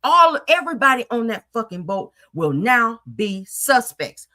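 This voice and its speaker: A woman hosts a heated commentary show, ranting with emphatic, profane outbursts. Her pitch swings widely and her tone is bright and sharp. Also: big pitch swings, unhurried.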